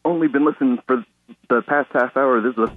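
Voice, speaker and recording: A man's voice: mid-range voice, quick pace, phone-quality sound. A man calling in to a radio talk show, nervous and rambling. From Alaska. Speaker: caller.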